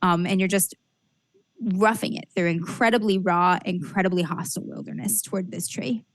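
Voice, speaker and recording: A woman's voice: mid-range voice, fairly even intonation, normal speed, dry recording. A woman narrating a tabletop role-playing game as game master, describing scenes with frequent fillers and restarts.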